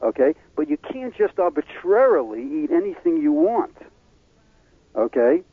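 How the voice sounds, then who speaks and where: A man giving an explanatory lecture as a religious teacher, halting often with fillers and restarts. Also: on the high side, very animated, husky, no room sound. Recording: tinny phone-line radio audio.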